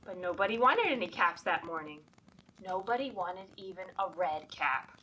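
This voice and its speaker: Heard from slightly far off, a librarian with a fairly low, expressive voice and a sharp tone reads a picture book to children at a normal speed. She keeps asking them questions and encouraging them to take part, and a faint hiss or hum sits under the recording.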